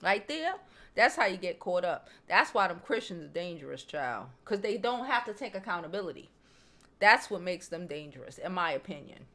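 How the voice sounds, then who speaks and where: Blunt, profane woman gossip host. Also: moderate pace. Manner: candid, blunt and profane, calls listeners "child" and "y'all"; swings between loud animated bursts and low near-murmurs. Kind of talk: casual gossip chat reading viewer comments. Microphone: home streaming setup, waiting on new mics.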